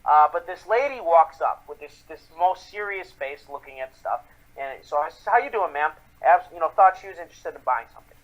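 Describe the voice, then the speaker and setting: A man's voice: fairly high pitch, lively intonation, brisk, lo-fi sound. A young man co-hosting a podcast. He tells a story in a casual, rambling way, repeats words and restarts his sentences. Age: young adult. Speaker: podcast co-host. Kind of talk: casual chat, telling a story.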